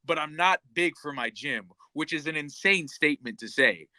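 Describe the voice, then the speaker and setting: A man's voice: a little high, animated, normal speed, bright, forceful tone, dry recording. A man hosting a podcast, chatting casually in a laid-back, joking way with plenty of "um" and "you know". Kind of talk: casual chat.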